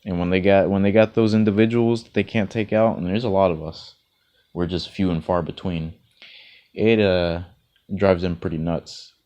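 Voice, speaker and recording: Low-voiced man in rambling monologue. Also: steady tone, normal speed, mellow. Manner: rambling, repeats words, chuckles often. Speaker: vlogger. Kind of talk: casual spoken monologue of encouragement.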